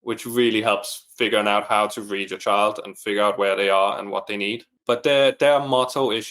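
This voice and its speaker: A man speaks in a somewhat low voice, earnest and reflective as he shares his experience. He is a single father and coaching client in a casual interview chat. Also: steady tone, normal speed, hardly any pauses, a bit bright.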